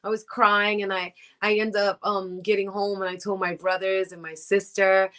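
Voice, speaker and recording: A middle-aged woman, a guest singer, chatting in an interview over a video call and telling stories with animated, acted-out quotes. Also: medium pitch, normal speed, clear, resonant tone. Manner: animated, acts out quoted voices with big jumps. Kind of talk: casual interview storytelling.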